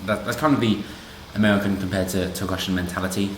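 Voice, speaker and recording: A man's voice: sits low, steady tone, quick pace, background noise. A man doing casual commentary on a news story, sarcastic and rambling with asides. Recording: roomy echo.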